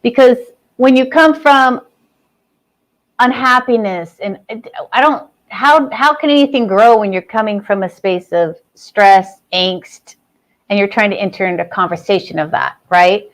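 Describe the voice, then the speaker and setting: A woman's voice: mid-range voice, measured pace. Woman hosting an online panel. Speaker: host.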